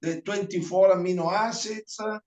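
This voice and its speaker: A man's voice: sits high, fairly even intonation, moderate pace, a little mellow, poor audio. A man, a guest explaining his ideas in casual chat, hesitant with many fillers as he searches for English words. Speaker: guest, reflexologist.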